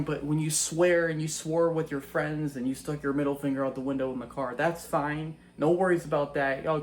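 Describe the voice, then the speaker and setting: A man's voice: on the high side, a little hiss or hum. A young man giving an earnest, casual faith-based monologue that is full of rhetorical questions. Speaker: Christian vlogger.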